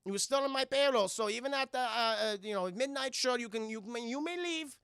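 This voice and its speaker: A man's voice: extremely high pitch, a little fast, a bit bright, smooth, no room sound, clean studio sound, pitched above the performer's own voice. A man voicing a scheming male scientist villain with a thick German accent, pompous and commanding.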